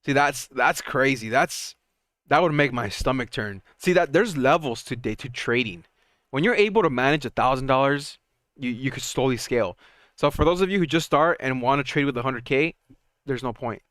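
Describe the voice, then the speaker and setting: A man's voice: mid-range voice, normal speed, no echo, clean studio sound. Chatty young man streaming stock talk. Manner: excitable, chatty, laughs often, trails off and restarts. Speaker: stock market livestream host. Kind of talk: casual live commentary.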